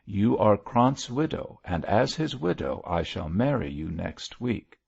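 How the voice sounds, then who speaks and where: A man voicing an elderly white-haired bishop, speaking gravely and solemnly with a soothing firmness. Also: fairly low pitch, very animated, takes it slowly, a little mellow, no echo, highs cut off, voice pushed up, full character voice.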